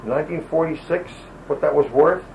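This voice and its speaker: Creaky and on the high side, this older man's voice moves at a moderate pace through rambling stories of his army days. Interviewed for an oral history, he wanders off topic and acts out what others said. A home audio recorder captured it on lo-fi old tape with faint hiss.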